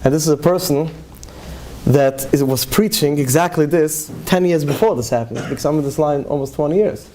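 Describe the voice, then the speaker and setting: A man's voice: a little high, brisk, dark tone, a little hiss or hum. A middle-aged man, giving an earnest, heartfelt talk to parents. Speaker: speaker addressing parents. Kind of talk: emotional talk to a live audience.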